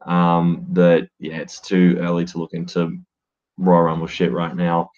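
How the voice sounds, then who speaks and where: A man's voice: deep voice, completely flat delivery, a little slow, a little mellow. A man giving casual solo commentary on wrestling, blunt and swearing freely, with lots of fillers. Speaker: wrestling podcaster. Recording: dull lo-fi sound.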